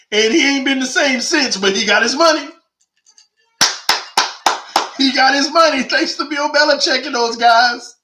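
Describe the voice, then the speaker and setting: A man's voice: extremely high pitch, measured pace, long pauses, sharp tone, reverberant. A man hosting a call-in sports show, delivering an emphatic, slangy monologue full of rhetorical questions. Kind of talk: animated opinionated monologue.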